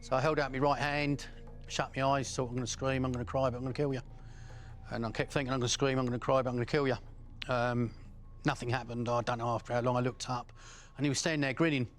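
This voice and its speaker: A middle-aged man, a former criminal giving a blunt, profane account of his past, pausing often with fillers. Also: medium pitch, little pitch movement, soft background music. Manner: blunt, profane storytelling with frequent pauses and fillers. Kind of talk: first-person recollection.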